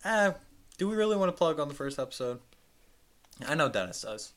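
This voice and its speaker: A man's voice: a little high, a little fast. A young man co-hosting a casual podcast, asking questions and steering the chat toward wrapping up. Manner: lively, questioning, steers the talk. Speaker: podcast co-host.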